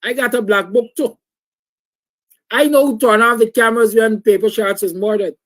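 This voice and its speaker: A man's voice: high voice, fairly even intonation, normal speed, poor audio. A man hosting a call-in talk show, speaking emphatically and repeating his points. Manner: emphatic, repetitive, opinionated.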